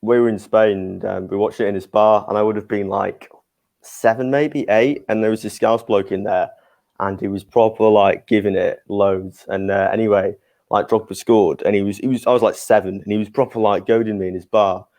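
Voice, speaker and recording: A man's voice: fairly low pitch, steady tone, a little fast, darkish tone. A young man chatting casually on a podcast, laughing through his stories. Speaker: podcast co-host. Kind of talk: casual pub chat.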